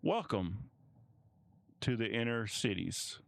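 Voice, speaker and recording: A man's voice: lowish voice, expressive, slow, creaky, no echo, heavily acted. A man voicing a polite city receptionist woman. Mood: welcoming.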